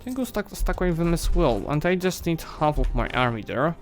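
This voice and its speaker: A man streaming a strategy game, thinking aloud and chatting to the nations and armies on screen, his voice going hoarse. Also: a little high, very animated, normal speed, soft background music. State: losing his voice. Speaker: gaming streamer. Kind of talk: live strategy game commentary.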